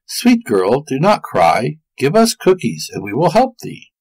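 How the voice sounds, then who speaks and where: Tiny friendly mice with squeaky, coaxing voices, as a male storyteller puts them on. The voice is pitched up and lilting, with a slightly husky edge. It is dry and close. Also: huge pitch swings, unhurried, dry recording, exaggerated voice.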